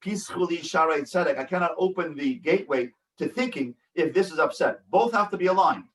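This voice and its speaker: A man's voice: a little high, expressive, fairly quick, fairly bright tone, distant mic, poor audio. A man, a rabbi, teaching a workshop in an earnest, repetitive way and acting out examples. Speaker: rabbi and family educator. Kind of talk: workshop lecture.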